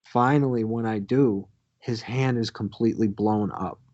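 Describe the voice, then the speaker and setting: A man's voice: fairly low pitch, steady tone, normal speed, a little mellow, muffled recording. A man co-hosting a podcast, telling a crude, swear-filled story from his youth in a casual way. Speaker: podcast co-host.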